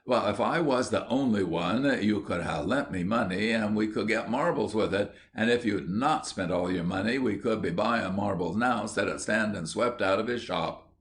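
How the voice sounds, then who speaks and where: A man's voice: lowish voice, normal speed, few pauses, lightly acted. A man voicing a bossy, stubborn schoolboy leader who speaks sternly and crushes his friends' objections in an audiobook.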